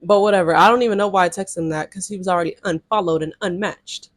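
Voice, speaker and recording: A woman's voice: lowish voice, steady tone, fast talker, no echo. Young woman spilling dating tea, sassy and blunt, lots of slang, dry close sound. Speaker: storytime vlogger. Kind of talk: casual storytelling to camera.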